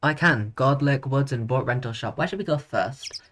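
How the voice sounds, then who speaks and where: A woman with a low voice plays through a game on stream and muses aloud. Her commentary is casual and wry. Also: moderate pace, noisy background.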